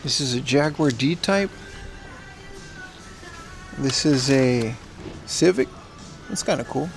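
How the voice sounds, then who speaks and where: A man's voice: medium pitch, expressive, slow, gravelly, soft background music. A man casually chatting on a livestream as he browses a secondhand shop, slangy and talkative, answering his chat.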